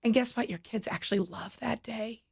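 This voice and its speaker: A woman's voice: on the high side, moderate pace, gravelly, a little mellow, husky. A woman guest on a radio show, chatting candidly and laughing at herself. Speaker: radio guest from a city mission. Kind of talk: casual radio chat. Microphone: studio microphone.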